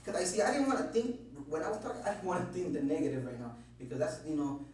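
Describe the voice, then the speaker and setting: A man's voice: a little high, sing-song, racing, darkish tone. A man being questioned, nervously rambling through his account with lots of swearing and restarts. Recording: very echoey room, distant mic, faint hum.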